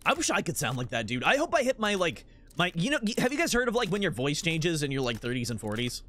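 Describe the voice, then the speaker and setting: A young man in his twenties with a high voice that leaps all over the place as he streams a game. He rambles through silly bits and keeps breaking into giggles. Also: huge pitch swings, quick pace, pushed and bright. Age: 20s. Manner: giggly, rambling, laughs constantly. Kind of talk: casual gameplay commentary.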